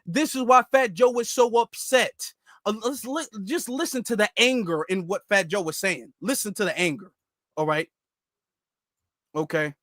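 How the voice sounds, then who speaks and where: A man hosts a commentary rant, repeating himself as he spins long, animated stories. His voice is fairly high, recorded close and completely dry. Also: moderate pace, no room sound. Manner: animated, repetitive, storytelling. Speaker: commentary channel host. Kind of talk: ranting commentary.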